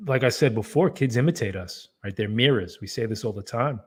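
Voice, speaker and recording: A man's voice: mid-range voice, fairly quick, a little mellow, slightly rough. A man co-hosting a podcast in casual chat, emphatic and playing out sarcastic examples. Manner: emphatic, sarcastic role-play. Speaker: podcast co-host.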